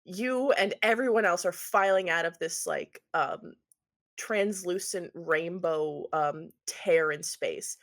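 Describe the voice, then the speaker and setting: A woman's voice: on the low side, slow pace. Casual woman game master narrating. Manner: casual, full of ums and swearing.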